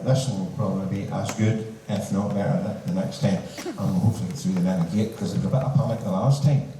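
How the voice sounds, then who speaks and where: Northern Irish man at a concert, low mellow voice and a joking storyteller's manner, heard from far off in a big echoey hall. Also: a little hiss or hum. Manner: chatty, humorous, with local turns of phrase. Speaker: band member speaking at a concert. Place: large hall.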